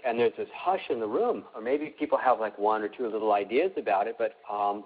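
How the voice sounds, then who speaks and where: Calm man teaching over a tinny line. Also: fairly low pitch, fairly quick, hardly any pauses, breathy edge. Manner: calm, instructive, repetitive emphasis. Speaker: teacher of an emotional healing class. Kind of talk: live online class talk.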